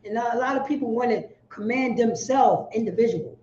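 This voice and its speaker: A man teaching a Bible class, forceful and preachy, repeating his points for emphasis. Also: very high-pitched, moderate pace, slight background noise. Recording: echoey room, dull lo-fi sound.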